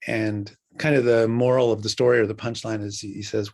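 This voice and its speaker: An older man with a low, husky voice teaches Buddhist practice in a slow, halting way. He pauses often, fills gaps with small hesitations and circles back to finish his thoughts. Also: level tone, a little mellow. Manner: unhurried, halting, many fillers. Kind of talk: dharma talk.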